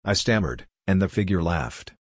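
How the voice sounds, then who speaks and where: Deep-voiced man telling a horror story. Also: expressive, moderate pace, no echo, studio quality. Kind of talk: scripted horror narration.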